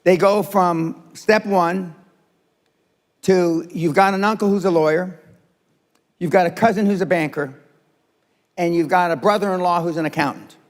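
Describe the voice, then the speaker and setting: A man's voice: high voice, moderate pace, pauses often. A man giving a blunt, profane business talk before a live audience, repeating his points for emphasis. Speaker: business speaker. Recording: reverberant hall.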